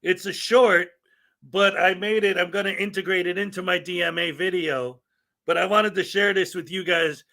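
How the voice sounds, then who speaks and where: Upbeat high-voiced male streamer. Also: fairly even intonation, normal speed, vocal fry, sharp tone. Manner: rambling, upbeat, reads out chat names. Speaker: livestream host. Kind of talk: casual livestream chat greeting viewers.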